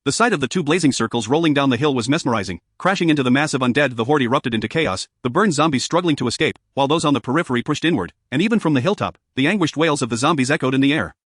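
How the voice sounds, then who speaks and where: Brisk man narrating an audiobook. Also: medium pitch, lively intonation, fairly bright tone, no room sound, clean studio sound.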